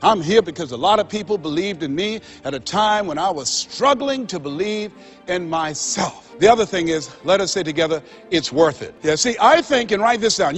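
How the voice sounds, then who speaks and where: High-voiced dramatic motivational speaker, man. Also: animated, moderate pace, soft background music. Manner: dramatic storyteller, swings from loud exhortation to hushed confession. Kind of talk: motivational speech.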